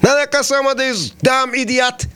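A man's voice: very high voice, a little slow, sharp tone, clean tone. A man hosting a radio talk show, ranting heatedly about politics and repeating himself as he goes.

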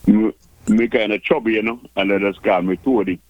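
Halting man with antiguan creole accent. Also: lowish voice, fairly even intonation, dry recording, highs cut off. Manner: halting, repeats words, Creole phrasing. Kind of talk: casual radio chat.

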